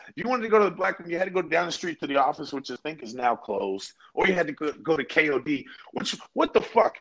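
A man's voice: sits high, fairly bright tone, breathy edge. A young man co-hosting a podcast, telling rambling, profanity-laced stories in casual chat. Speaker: podcast co-host.

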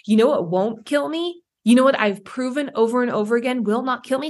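A woman's voice: fairly high pitch, brisk, hardly any pauses. A woman hosting a solo podcast, talking candidly and with feeling, acting out inner voices and swearing now and then. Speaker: podcast host.

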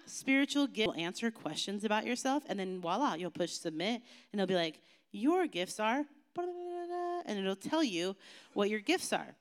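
Woman youth pastor, smooth and clear, lively and joking, with slowed emphatic lines. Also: mid-range voice. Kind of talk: youth sermon.

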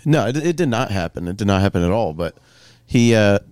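Low smooth-voiced young man telling a story. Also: brisk, dry recording. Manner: profane, animated retelling with acted-out quotes. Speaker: comedian podcast co-host. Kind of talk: casual storytelling chat.

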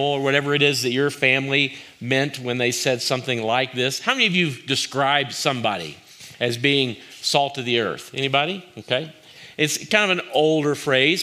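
A pastor leads a prayer and moves into his sermon. His voice is bright and clear, and his delivery is conversational and earnest. He pauses often with fillers and invites the congregation to join in. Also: mid-range voice.

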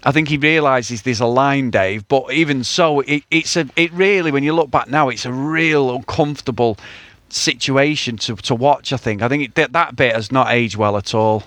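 A man's voice: mid-range voice, normal speed, a bit bright, dry recording. A man co-hosting a casual film review podcast, swearing freely and laughing as he retells scenes. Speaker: podcast co-host.

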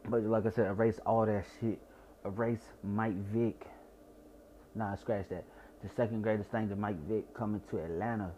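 A young man from Georgia talks in a loose, rambling Southern drawl, repeating and stumbling over his words, a little tipsy from wine. His voice sits on the low side with a mellow, darkish tone. A faint hum of room noise sits behind him. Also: fairly even intonation, normal speed, dull audio. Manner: rambling, repeats himself, stutters. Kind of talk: casual profane monologue.

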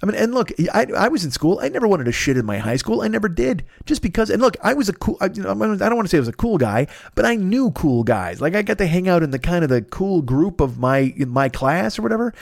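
A man's voice: high-pitched, big pitch swings, fast, creaky, few pauses, dry recording, studio quality. A middle-aged man from Illinois delivering a profane, rambling comic monologue full of hypothetical scenarios.

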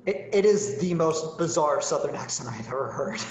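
A podcast co-host giving measured, dryly understated opinions on an album. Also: mid-range voice, animated, darkish tone, roomy sound, a little hiss or hum, rough recording. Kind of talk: casual album review chat.

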